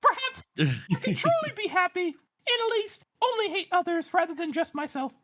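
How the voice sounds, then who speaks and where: A self-pitying giant soldier. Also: male voice, very high-pitched, wildly swooping pitch, normal speed, sharp tone, pitched above the performer's own voice, heavily acted. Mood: whiny mocking. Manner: mock-whiny, pent-up confessional. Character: hulking male soldier, tiny squeaky voice, self-pitying.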